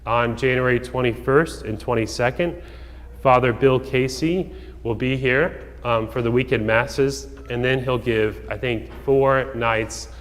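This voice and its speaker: A man, a priest, giving a homily in a relaxed storytelling way, with casual asides and fillers. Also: medium pitch, measured pace. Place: church. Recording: long church reverb.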